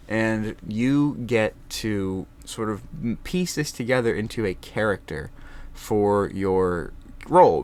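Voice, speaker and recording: Casual, profane young man chatting. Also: fairly low pitch. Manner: animated, profane, laughs often. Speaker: vlogger. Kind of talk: casual chat.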